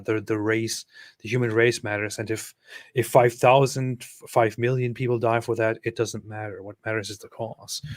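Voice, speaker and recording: Soft-spoken man on a casual livestream. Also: medium pitch, no room sound, studio quality. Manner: hesitant, chuckling, soft-spoken. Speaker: livestream co-host reading viewer chats.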